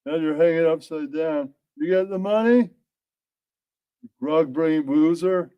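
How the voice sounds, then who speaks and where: Mob heavy, male, crude and bullying, slow and dry, put on by a man telling a story. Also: a little high, clear, resonant tone, no echo, dull audio, natural voice. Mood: threatening. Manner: profane, bullying, insulting.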